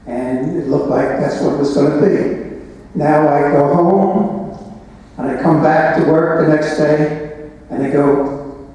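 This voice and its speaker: A man in his sixties, a retired track coach giving a Hall of Fame acceptance speech and telling stories in an unhurried way. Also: fairly high pitch, steady tone, warm tone. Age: 60s. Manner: unhurried, anecdotal storytelling. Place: large hall at an awards event. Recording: echoey hall, voice from far off.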